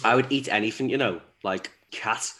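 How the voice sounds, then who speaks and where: Cheeky lad. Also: male voice, lowish voice, moderate pace, pushed and bright. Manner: cheeky, provocative. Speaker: podcast co-host. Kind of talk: casual banter.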